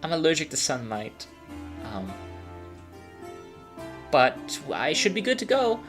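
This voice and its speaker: A man's voice: on the high side, wildly swooping pitch, takes it slowly, over music, voice pushed up, full character voice. A man voicing a polite, formal young female vampire noble in a tabletop game. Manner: polite, formal, slightly awkward.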